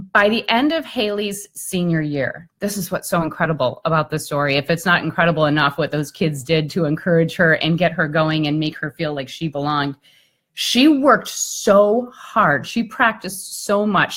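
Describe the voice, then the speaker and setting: A woman speaker and coach telling a story in a lively, conversational way on a live video chat, often using "like" and "I mean". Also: lowish voice.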